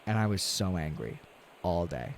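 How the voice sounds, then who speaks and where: A man streaming a game, talking casually and ranting with lots of swearing, dropping to low mutters and rising to loud outbursts. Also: very animated, normal speed, creaky, slight background noise. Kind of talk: casual gaming stream chat.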